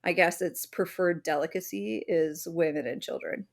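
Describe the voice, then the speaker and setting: A woman co-hosting a podcast, presenting the episode's topic in casual chat, animated and swearing freely. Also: lowish voice, normal speed, gravelly. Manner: animated, swears freely, acts out little voices.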